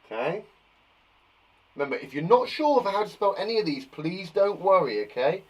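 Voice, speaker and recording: A man's voice: high-pitched, big pitch swings, moderate pace, darkish tone, lo-fi sound, a little hiss or hum. A man teaching a spelling lesson to young children, jokey and encouraging as he reads out words. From England. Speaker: primary school teacher.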